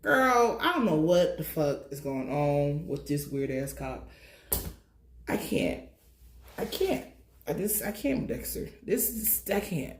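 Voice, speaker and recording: A woman giving a casual, blunt and profane recap of a TV episode, telling it in an animated way. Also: low voice, slow pace, echoey room. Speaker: TV recap commentator.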